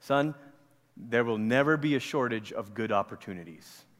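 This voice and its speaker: A man voicing his calm, wise older father, speaking slowly and gently in a sermon. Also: medium pitch, pitched below the performer's own voice, natural voice. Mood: calm, firm. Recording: long hall reverb.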